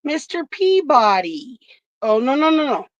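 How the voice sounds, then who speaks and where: Woman streamer, slow casual trivia host, dry close sound, dull lo-fi audio. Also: high voice, very animated, no room sound. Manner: reads questions slowly, swears freely.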